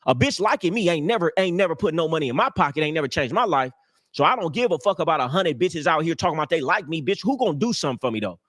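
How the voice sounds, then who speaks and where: A man's voice: a little high, expressive, quick pace, a bit bright. A young man hosting a live stream, giving casual dating advice in a brash, boastful, profane street-talk manner. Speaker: livestream host.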